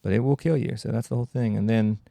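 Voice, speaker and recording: A man's voice: on the low side, steady tone, fast, vocal fry, warm tone, dry recording. A man hosting a solo comedy podcast, rambling and mocking in a sarcastic tone. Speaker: podcast host.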